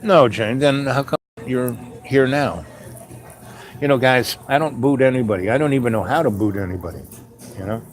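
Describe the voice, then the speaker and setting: A man hosting his own show in a rambling, casual monologue. His voice sits at an ordinary middle pitch, and he drifts between asides and loose "you know" fillers. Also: normal speed. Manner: acts out little dialogues with raised voice. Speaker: show host.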